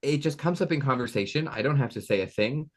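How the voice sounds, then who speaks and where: A man's voice: medium pitch, quick pace. A man in his thirties, a medium talking casually as an interview guest, telling stories and acting out voices. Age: 30s. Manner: animated, acts out voices in anecdotes.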